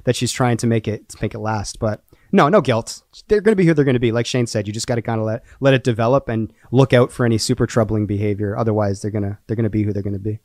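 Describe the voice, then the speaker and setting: A man's voice: lowish voice, fast talker, darkish tone, dry recording. Joking man, dry close sound. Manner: joking, rambling with many fillers. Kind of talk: casual chat.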